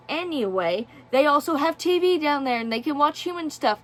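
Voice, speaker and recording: Woman reviewer, slightly high voice, sarcastic, exasperated ranting. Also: expressive, normal speed. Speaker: book reviewer. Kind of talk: casual book review vlog.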